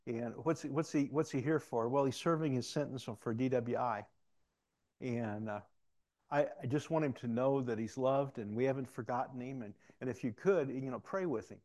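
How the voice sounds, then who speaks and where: A man's voice: medium pitch, fairly quick, darkish tone. A middle-aged man, preaching a sermon in a conversational, folksy way and acting out the dialogue in his stories. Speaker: former sheriff giving a church talk. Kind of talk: sermon with storytelling.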